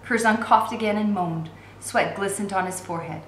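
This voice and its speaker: A woman teacher reading a novel aloud in a steady, expressive way. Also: medium pitch, moderate pace, reverberant, slight background noise, rough recording. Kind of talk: read-aloud narration.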